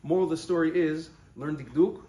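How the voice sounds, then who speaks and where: Male rabbi, fairly high voice, explanatory teaching manner, roomy echo. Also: warm tone. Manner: explanatory, stresses words slowly when quoting verses. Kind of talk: halacha lesson.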